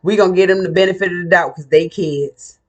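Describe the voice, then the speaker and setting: A woman's voice: on the low side, fast talker. A woman vlogger ranting in a casual monologue, blunt, profane and combative.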